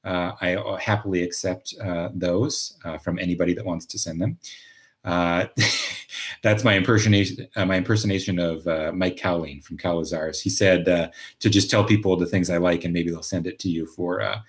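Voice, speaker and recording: A deep-voiced man from Minnesota, USA, hosts a casual livestream at normal speed, reading viewer comments and chatting. His intonation is fairly even, but he rambles, with plenty of fillers and restarts.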